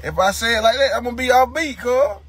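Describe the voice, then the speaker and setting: A man hosting a casual live stream from a car, loose and playful, giving shout-outs to viewers and chanting along to music. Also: very high-pitched, quick pace, husky.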